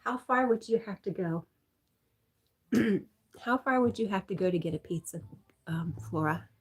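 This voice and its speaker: A woman's voice: medium pitch, lively intonation, normal speed, breathy edge. A woman hosting a casual livestream, reading out viewer comments and chatting back in a friendly way. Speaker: livestream host reading chat. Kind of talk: casual chat.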